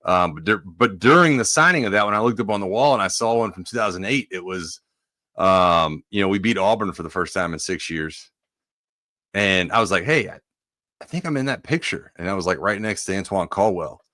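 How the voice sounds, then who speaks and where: Guy on a sports podcast, lowish voice, bright edge, dry close sound. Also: a little fast, dry recording. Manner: rambling, lots of fillers. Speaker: co-host, former player. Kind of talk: casual sports podcast chat.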